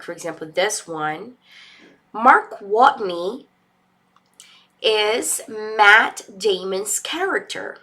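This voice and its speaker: A woman's voice: mid-range voice, pushed and bright. A woman with a Brazilian accent teaching English in a live lesson, explaining patiently step by step and switching into Portuguese.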